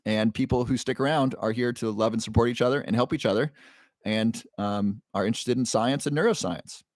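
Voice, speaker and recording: A man hosting a casual livestream, greeting viewers from the chat by name and pitching a supplement with upbeat energy. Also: a little fast, no echo, studio quality. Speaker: livestream host.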